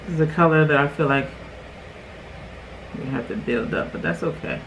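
A woman's voice: rumbling low, animated, moderate pace, slight background noise, low-quality recording. A woman in her forties chatting directly to her viewers while doing a makeup tutorial at home. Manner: chatty, talks straight to viewers. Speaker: beauty vlogger.

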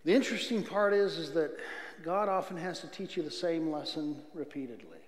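An earnest middle-aged man shares his testimony from a church pulpit, with a slightly high voice. He swings between loud outbursts and near whispers, and his words ring out in a roomy sanctuary with a long reverb. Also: lively intonation, a little fast. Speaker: guest speaker giving testimony. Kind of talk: testimony sermon. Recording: echoey church hall reverb.

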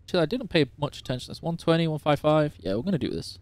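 A man's voice: on the high side, sing-song, very fast, a little mellow, dry recording. A man from Yorkshire hosting a live game stream, chatting casually and teasing while reading out chat questions. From Yorkshire, England.

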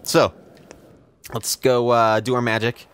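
While gaming, this young let's play host keeps up a casual stream of sarcastic, foul-mouthed jokes at his own expense. He talks slowly in a mid-range, fairly bright voice with little pitch movement.

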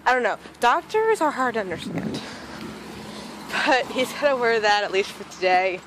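A young woman talks in a high, bright register in a casual vlog. She chats to the camera and coaxes her dog along in an easygoing way. Faint noise sits under her voice. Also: animated, normal speed. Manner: chatty, coaxing pet talk. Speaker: dog owner filming her pet. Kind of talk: casual home video vlog.

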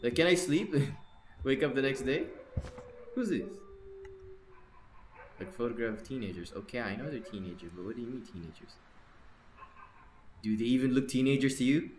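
A man's voice: mid-range voice, expressive, moderate pace, pauses often, noisy background. A man commentating a horror game, jumpy and nervous, rambling jokes to his viewers, his throat sore from screaming. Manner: jumpy, nervous, shrieks and gasps when scared; rambling, jokey self-talk to viewers. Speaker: game streamer.

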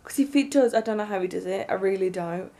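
Excited young woman vlogging. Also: medium pitch, fast talker. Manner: excited, rambling, lots of fillers. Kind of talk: casual storytelling to camera.

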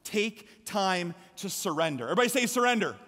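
A man with an American Midwestern accent preaching a lively sermon as a pastor, with emphatic bursts and shouts. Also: high-pitched, brisk. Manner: energetic, emphatic preaching with sudden loud shouts. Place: large church sanctuary. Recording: long hall reverb from a church.

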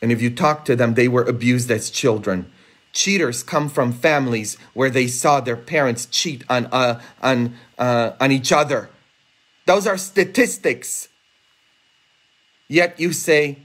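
A man preaching a homily, earnest and emphatic, rising high and intense for rhetorical questions. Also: a little slow, a bit bright. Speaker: priest. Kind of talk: sermon. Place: church, livestreamed.

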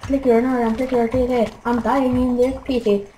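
A young woman commentating her own gameplay, frustrated and trash-talking, with excitable outbursts. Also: on the high side, moderate pace, a little hiss or hum, low-quality recording. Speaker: gaming commentator.

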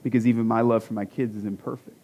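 A man's voice: lowish voice, fairly even intonation, quick pace, dark tone, husky. A man in his forties preaching a conversational sermon as a pastor, with self-deprecating jokes and rhetorical questions to the congregation. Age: 40s. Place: church sanctuary.

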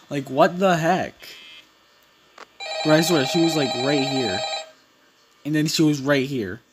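A man's voice: a little high, normal speed, rough recording. Young man, casual gaming commentary, filler-heavy, jumpy, faint background noise. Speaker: gaming YouTuber. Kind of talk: casual let's-play commentary.

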